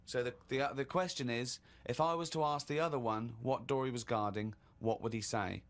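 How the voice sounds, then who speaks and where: A man's voice: mid-range voice, fairly bright tone. A man hosting a radio comedy show, teasing his co-host in casual chat.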